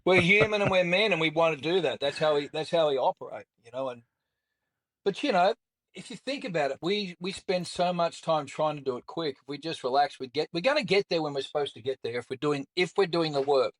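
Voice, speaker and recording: A man's voice: on the high side, expressive, fairly quick. Middle-aged male guest, candid storyteller with a blunt, colorful delivery. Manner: blunt and colorful, with mild swearing. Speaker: guest, author and speaker.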